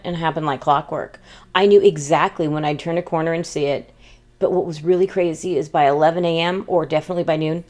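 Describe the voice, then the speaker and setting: A woman's voice: sits low, a little mellow. A woman from the United States hosting a humorous travel vlog in a playful, mock-dramatic storytelling manner. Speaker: vlog host.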